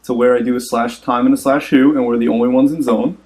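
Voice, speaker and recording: A man's voice: medium pitch, fairly even intonation, quick pace, darkish tone, rough recording. A man arguing indignantly and profanely over voice chat about a game raid dispute. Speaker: rival guild member in a dispute. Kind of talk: heated voice-chat argument.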